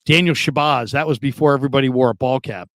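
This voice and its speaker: A man's voice: mid-range voice, quick pace, a bit bright, no echo. A man hosting sports talk radio, reading listener comments in a loose, rambling way with plenty of laughs and repeated phrases.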